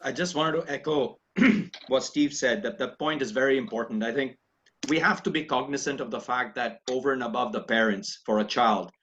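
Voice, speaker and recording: A man speaks in a measured, formal way during a group video chat. His mid-pitched voice comes through muffled, lo-fi call audio. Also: a bit bright. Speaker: discussion participant.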